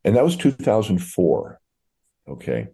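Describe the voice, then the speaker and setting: Low husky older man telling stories. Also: a little slow. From Oregon. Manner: relaxed, anecdotal, folksy. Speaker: priest guest. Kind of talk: casual interview storytelling.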